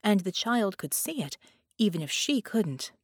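A woman reads an audiobook in a clear, measured storytelling voice. Her pitch sits in the middle of the range. The recording is dry and close, with no room sound. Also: big pitch swings, no echo. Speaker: audiobook narrator. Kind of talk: scripted audiobook narration.

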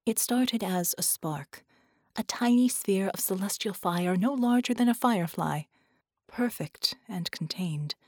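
A woman reading an audiobook in a measured, dramatic narration. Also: medium pitch, dry recording, studio quality. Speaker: audiobook reader.

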